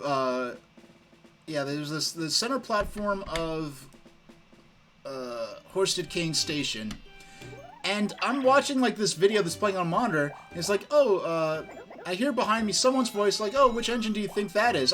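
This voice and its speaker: A man's voice: high voice, a bit bright. A man from New York streaming a game, chatting casually and telling rambling, enthusiastic stories. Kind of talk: casual gaming stream chat.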